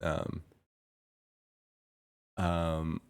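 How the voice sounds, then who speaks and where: Male streamer, deep voice, loose rambling chat to viewers, keeps hunting for words. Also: completely flat delivery, drawn-out words, creaky, clean tone. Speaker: livestreamer.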